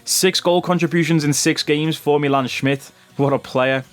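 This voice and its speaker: A man's voice: a little high, fairly even intonation, moderate pace. A young man giving casual, chatty commentary over a football management game, calling his viewers "bro". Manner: chatty, says "bro" a lot. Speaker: gaming YouTuber.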